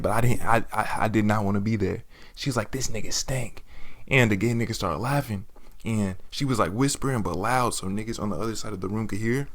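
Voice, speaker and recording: A man's voice: fairly low pitch, a bit bright. A man telling a personal story in casual, profane slang, often breaking into laughter. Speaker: storytime vlogger.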